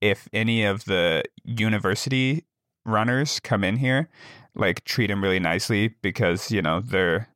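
A man's voice: on the low side, normal speed, clean tone, dry recording, studio quality. A young adult man co-hosting a comedy podcast, telling self-deprecating stories in casual chat. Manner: animated, self-deprecating storytelling.

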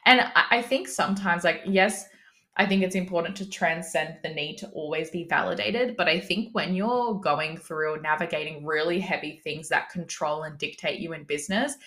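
A young woman with a slightly low-pitched voice talks through a solo podcast episode. She speaks candidly and casually, with plenty of "like" fillers and the odd swear word. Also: moderate pace, fairly bright tone. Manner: casual, chatty, swears freely, frequent "like" fillers. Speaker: business coach, podcast host.

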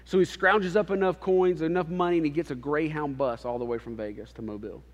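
Man, pastor, sermon, animated storytelling, slightly high voice, long hall reverb. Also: quick pace, dull audio.

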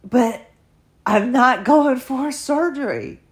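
A woman's voice: sits high, animated, takes it slowly. A middle-aged woman talking earnestly and emotionally in a casual personal podcast monologue, encouraging her listeners. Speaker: podcaster sharing her health journey.

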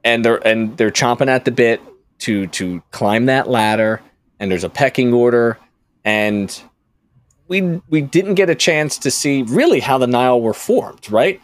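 A man's voice: mid-range voice, expressive, measured pace. A man hosting a casual podcast discussion, rambling and interrupting himself as he talks things through. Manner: rambling, self-interrupting storyteller. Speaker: podcast host. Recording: dry studio sound.

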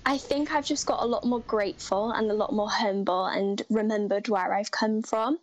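A woman's voice: medium pitch, steady tone, moderate pace. A teenage girl from North Wales, chatting upbeat with lots of fillers as a guest in a live interview. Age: teens.

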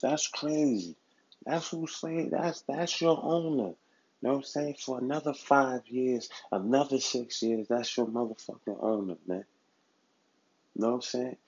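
Raspy gravelly guy going off about the system, heated, slangy, stammers, dull lo-fi audio. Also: mid-range voice, a little slow, darkish tone. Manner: heated and repetitive, street slang, stammers when worked up. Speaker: vlogger giving street advice. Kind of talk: impassioned street monologue. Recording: dull lo-fi recording.

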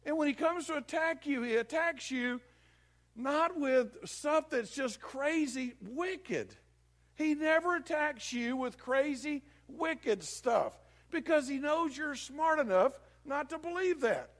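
Animated, gravelly male preacher. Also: extremely high pitch, takes it slowly. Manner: folksy, animated storytelling with homely comparisons. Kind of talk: sermon.

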